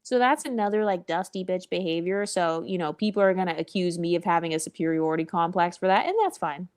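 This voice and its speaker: A woman's voice: lowish voice, fast, darkish tone. A woman vlogger giving blunt, opinionated commentary, sassy and profane, with mocking asides.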